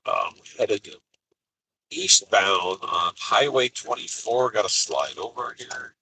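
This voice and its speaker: A lowish, bright-edged voice from a man talking to the camera while he drives his van. He tells his story in a casual, exasperated way and acts out the people he quotes. A faint hiss runs under the voice. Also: expressive, takes it slowly, gravelly, low-quality recording. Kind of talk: casual driving vlog monologue. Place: inside a cargo van on the highway.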